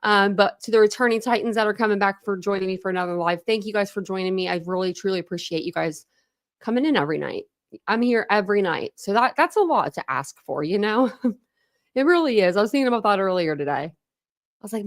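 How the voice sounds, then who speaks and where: A woman's voice: medium pitch, expressive, fairly quick. A woman hosting a true crime livestream, chatting casually and greeting viewers by name between frequent laughs.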